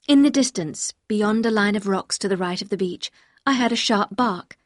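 A woman reading a novel aloud as first-person narrator, in a clear, measured storytelling manner. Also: mid-range voice, dry recording, studio quality. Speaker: audiobook reader.

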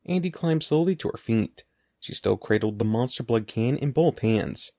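A man narrating a children's storybook aloud in an expressive, animated way. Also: on the low side, fairly quick, creaky. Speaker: audiobook narrator.

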